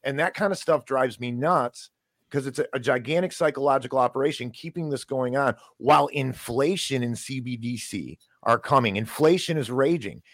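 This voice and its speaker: A man's voice: mid-range voice, normal speed, fairly bright tone, no room sound. A man giving his political opinion casually, stumbling and repeating words as he goes. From United States. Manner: hesitant, repeats words, rises when emphatic.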